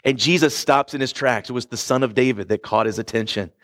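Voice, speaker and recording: A man's voice: medium pitch, a little fast, fairly bright tone. A man preaching a sermon earnestly, swinging his voice up and down for emphasis and checking in with the congregation. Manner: asks the congregation for response. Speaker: pastor.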